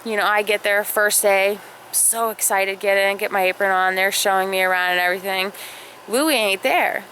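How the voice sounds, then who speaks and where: A woman's voice: mid-range voice, fairly even intonation, normal speed, bright, forceful tone, a little hiss or hum, poor audio. A young woman vlogger telling a rambling story in casual chat, full of fillers. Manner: rambling, filler-heavy, acts out quotes.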